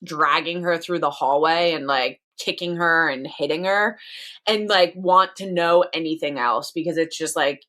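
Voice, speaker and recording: A pregnant woman co-hosting a podcast, chatting casually and rambling through her thoughts with plenty of restarts. Her voice sits a little low for a woman. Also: normal speed, bright, forceful tone. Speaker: podcast co-host. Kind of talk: casual chat.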